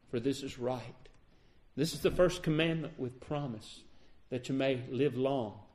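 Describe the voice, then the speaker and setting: Impassioned male preacher, rising and falling. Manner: dramatic preaching with wide swings in pitch and loudness. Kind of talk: sermon.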